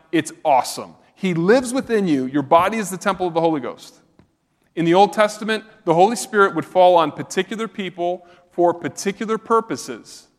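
Earnest man preaching in a reverberant hall. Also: a little high. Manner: earnest, conversational preaching with rhetorical questions. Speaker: pastor. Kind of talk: sermon.

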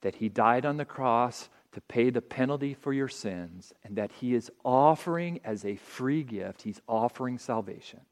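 A man preaching a sermon in an auditorium, earnest and deliberate, letting phrase ends drop softly. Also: medium pitch, lively intonation. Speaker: pastor.

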